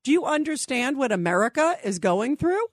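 A woman hosting a call-in radio talk show, talking in an animated, indignant way with many quick restarts. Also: sits high, dry recording, studio quality.

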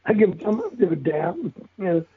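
A man's voice: sits high, big pitch swings, moderate pace. An older man telling stories in a blunt, profane way, chuckling often as he talks. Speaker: guest telling stories of his football days. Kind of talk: casual storytelling interview. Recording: tinny phone line.

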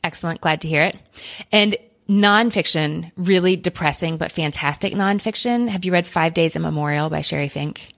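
Chatty woman host, low voice. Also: gravelly, a bit bright. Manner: quick, chatty book recommendations. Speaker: podcast host. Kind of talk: casual chat.

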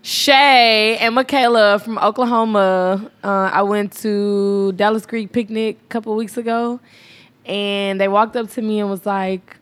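A woman's voice: medium pitch, fairly even intonation, unhurried, smooth. A young woman co-hosting a podcast in casual chat, playful and joking, laughing often. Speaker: podcast co-host.

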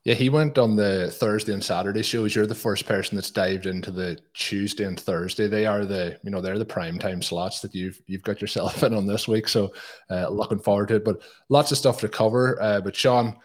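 A man's voice: on the low side, fairly even intonation, moderate pace. A man from Ireland hosting a podcast in casual chat, upbeat, with frequent fillers and restarts. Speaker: podcast host.

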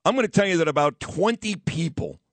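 A man's voice: a little high, brisk, dry recording. A middle-aged man, a radio host telling a story and talking sports in a casual, wisecracking way. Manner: animated, wisecracking, acts out others in quoted voices.

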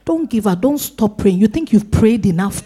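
Lively preaching woman. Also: mid-range voice, normal speed, husky. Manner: lively preaching, acts out crowd voices. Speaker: pastor. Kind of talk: sermon.

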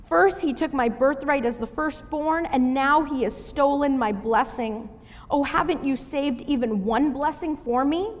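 A woman's voice: sits high, measured pace. A woman voicing a pleading, bitter grown son. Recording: long hall reverb.

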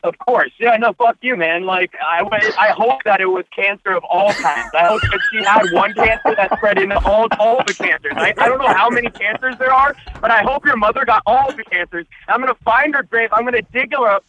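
A man calling in over a muffled, lo-fi phone line, his voice high and bright and bouncing all over the place. He piles on crude insults with gleeful relish. His tone is sharp and his pitch swings widely. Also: big pitch swings, fairly quick, few pauses, slight background noise. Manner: gleefully vulgar, escalating insults. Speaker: caller. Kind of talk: profane trash-talk call-in. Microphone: phone call. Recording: dull phone-line call audio.

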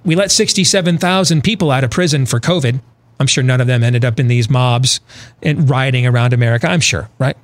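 A man's voice: medium pitch, a little fast. A middle-aged man hosting a talk show, giving blunt, emphatic opinions and repeating phrases for emphasis. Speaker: host. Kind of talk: casual political talk radio banter.

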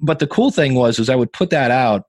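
A man in his fifties, a podcasting guest, telling animated, self-deprecating stories in a casual interview. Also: mid-range voice, a little fast, no echo. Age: 50s.

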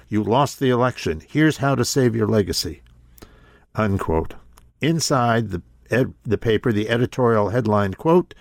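A male talk radio commentator with a middle-pitched voice, recorded dry and close in a studio. He reads quotes aloud, then jumps in with emphatic, sarcastic asides. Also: dry recording.

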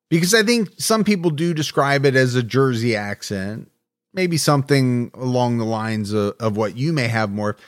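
A man hosting a true crime podcast, narrating and discussing the case in a steady, reflective way. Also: mid-range voice, no room sound, clean studio sound. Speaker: podcast host.

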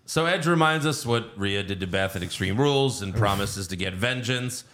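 A man's voice: lowish voice, expressive, normal speed, fairly bright tone, reverberant. A man co-hosting a casual wrestling podcast, joking and swearing, often slipping into mock voices. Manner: laughing, swearing, bursts into mock impressions. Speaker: podcast co-host. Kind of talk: casual wrestling recap chat.

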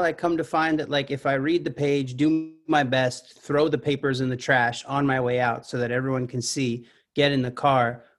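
A man in his thirties, a guest actor and musician, talking candidly and reflectively in a casual podcast conversation. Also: medium pitch. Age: 30s. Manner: candid, reflective, speaks in long winding thoughts.

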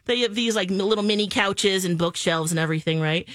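A woman in her thirties co-hosting a morning radio show, telling stories in an animated way and laughing often. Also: medium pitch, quick pace, no room sound. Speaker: co-host. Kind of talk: casual morning radio chat.

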